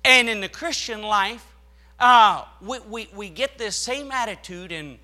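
A male pastor preaching a sermon, reading scripture aloud and swelling dramatically in loudness as he drives his points home. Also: sits high, unhurried.

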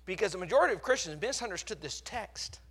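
A man's voice: high-pitched, animated, quick pace, a bit bright, slightly rough. A man with a Texas accent preaching a sermon, with emphatic surges in volume. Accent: Texan.

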